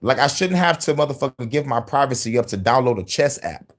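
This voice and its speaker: A man's voice: medium pitch, fairly quick. A man hosting, ranting in a profane, casual commentary style, often laughing as he talks. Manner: animated, laughing, cursing. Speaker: host.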